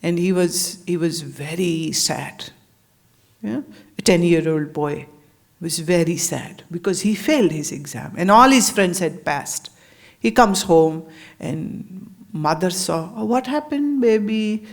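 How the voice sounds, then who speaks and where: A woman's voice: on the low side, slow. A middle-aged woman, a spiritual teacher telling stories and speaking directly to her audience. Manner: storytelling, addressing the listeners directly.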